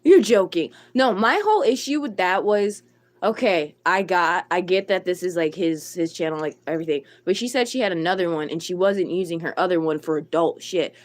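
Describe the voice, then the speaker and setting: A woman's voice: fairly low pitch, brisk. A woman livestreamer ranting to her chat, blunt and irritated, swearing a lot and answering viewers by name. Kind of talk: live stream chat rant.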